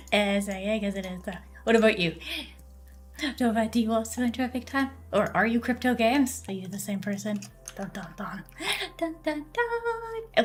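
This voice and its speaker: A woman game streamer chatting casually with her viewers and teammate while she plays, bubbly and full of fillers and frequent laughter. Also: mid-range voice. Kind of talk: casual live-stream chat while gaming.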